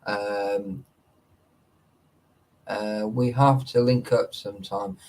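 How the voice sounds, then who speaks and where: A man's voice: fairly low pitch, steady tone, drawn-out words, a little mellow, faint music behind, rough recording. A man hosting a casual live stream. He talks in a laddish way, swears a lot and laughs often. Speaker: livestream host.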